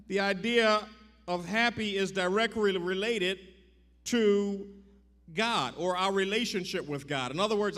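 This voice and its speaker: A man preaching a sermon as pastor to his congregation, checking that they follow along and building to shouted exhortation. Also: high voice. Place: church sanctuary. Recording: echoey church sanctuary.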